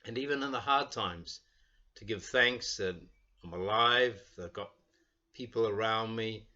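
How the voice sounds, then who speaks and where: An older man, a minister, giving a chatty children's talk from his home porch, pausing often with little fillers. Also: lowish voice, highs cut off. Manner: warm, chatty, halting with fillers. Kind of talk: children's talk with storybook reading.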